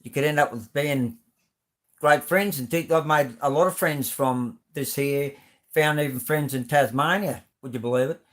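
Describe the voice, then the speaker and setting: A man's voice: fairly high pitch, normal speed, fairly bright tone. An Australian man hosting a live stream, chatting casually as he reads out viewer comments, rambling and friendly with plenty of fillers and restarts.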